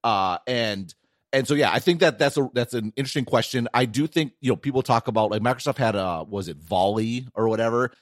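A middle-aged man from Wisconsin with a Wisconsin accent, co-hosting a tech podcast in animated casual chat, full of restarts and quick "right?" checks. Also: mid-range voice, no room sound, clean studio sound. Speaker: podcast co-host, tech analyst.

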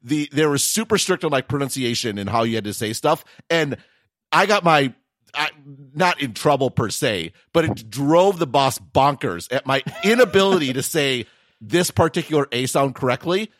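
A man with a Wisconsin accent, chatting casually as a podcast co-host, animated and full of quick restarts. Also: medium pitch, dry recording. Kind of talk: casual tech podcast chat.

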